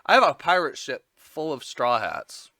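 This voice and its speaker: A man's voice: a little high, sing-song, unhurried, sharp tone, no echo, studio quality, full character voice. A man voicing a laid-back veteran pirate captain who talks in a shrugging, offhand way.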